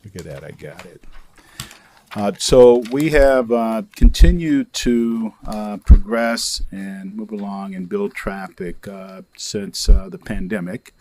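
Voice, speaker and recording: A man who directs an airport, giving a formal update to a council and pausing often on "uh". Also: fairly low pitch, dark tone. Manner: hesitant, many "uh" fillers. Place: council meeting chamber.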